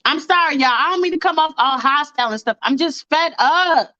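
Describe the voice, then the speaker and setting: A woman's voice: high voice, expressive, a little fast, pushed and bright, no room sound, lo-fi sound. A woman hosting a fan livestream, ranting bluntly and with lots of swearing while talking to her chat. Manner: blunt, profane, fired-up, talks to chat. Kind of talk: casual livestream rant.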